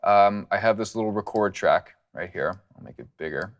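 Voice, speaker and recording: A music producer with a fairly low voice casually walks through his studio process at normal speed, relaxed and rambling with plenty of fillers, recorded on a studio condenser mic.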